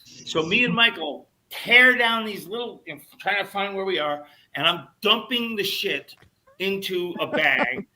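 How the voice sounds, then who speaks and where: Bright-voiced older man telling a wild story. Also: high voice, a little slow, slight background noise, rough recording. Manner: animated anecdote telling, swearing, acting out quotes. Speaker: podcast guest storyteller. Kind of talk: casual chat.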